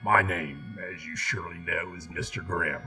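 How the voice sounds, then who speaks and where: A man voicing a gurgling demonic spirit in a bloody boy's body, deep and menacingly polite. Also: moderate pace, sharp tone. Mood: sinister polite. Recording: music bed behind voice.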